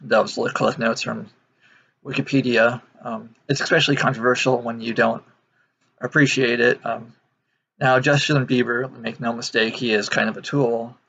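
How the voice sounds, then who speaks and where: A man's voice: medium pitch, fairly even intonation, moderate pace, vocal fry, fairly bright tone, muffled recording. An American man in his twenties to thirties, talking casually to camera, rambling with many fillers and restarts. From United States. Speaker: video host. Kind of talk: casual opinion monologue.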